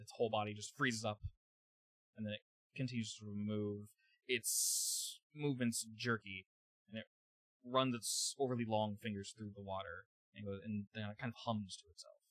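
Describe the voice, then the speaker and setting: GM, man, low voice, dry close mic, halting narration with fillers. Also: a bit bright, no echo, poor audio. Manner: halting, thinking aloud with fillers. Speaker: game master. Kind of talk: narrating a tabletop game.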